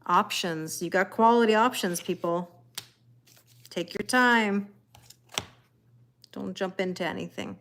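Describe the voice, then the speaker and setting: A woman's voice: medium pitch, slow, long pauses, fairly bright tone, slight background noise. A woman reading tarot live and chatting with viewers in a rambling way, laughing often. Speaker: tarot reader. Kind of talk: live-stream chat reading viewer comments.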